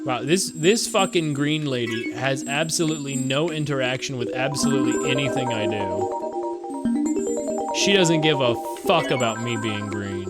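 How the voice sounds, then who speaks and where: A man's voice: mid-range voice, measured pace. A man streaming a video game, rambling and swearing as he chats with viewers. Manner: rambling, profane, joking with chat. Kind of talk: casual gameplay commentary. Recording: game music loud behind voice. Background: game music.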